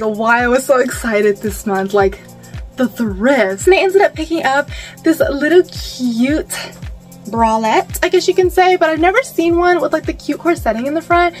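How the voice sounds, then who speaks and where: A young woman vlogging about her clothing finds, talking casually with lots of fillers and excited squeals. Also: high-pitched. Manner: bubbly and gushing, many fillers and squeals. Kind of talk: casual haul vlog.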